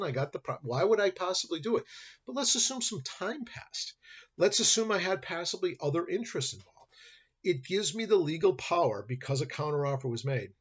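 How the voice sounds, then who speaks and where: Lecturing man, husky voice, dull recording. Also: fairly high pitch. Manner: acts out dialogue in hypotheticals, conversational. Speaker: law professor. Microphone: computer webcam mic.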